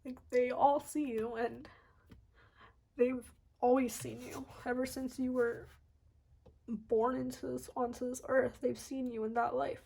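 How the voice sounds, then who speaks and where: A woman giving a casual pick-a-card tarot reading, soft and rambling with many fillers, teary and choked up. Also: high voice, little pitch movement, measured pace, vocal fry. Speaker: tarot reader.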